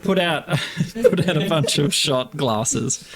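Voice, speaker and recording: A man with an Australian accent narrating as game master at a table of players, relaxed and quick to laugh. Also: a little high. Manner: relaxed, laughing easily while describing scenes. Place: room shared with other players.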